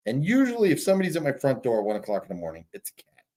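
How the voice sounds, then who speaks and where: A man's voice: mid-range voice, wildly swooping pitch, very fast, warm tone. A man in his fifties hosting a casual livestream, rambling and swearing as he reads chat comments. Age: 50s. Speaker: livestream host. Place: hotel room.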